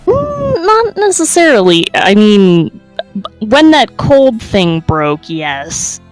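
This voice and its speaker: A woman player chats casually and lets her sentences wander. Her pitch rises and falls a lot, and faint music plays behind her. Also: very animated, takes it slowly. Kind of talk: casual chat.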